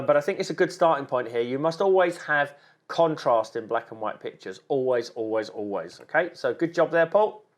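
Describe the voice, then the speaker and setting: A man, a wildlife photographer giving chatty, encouraging critiques of viewers' photos with many ums and repeated words. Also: on the high side. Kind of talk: casual on-screen photo critique.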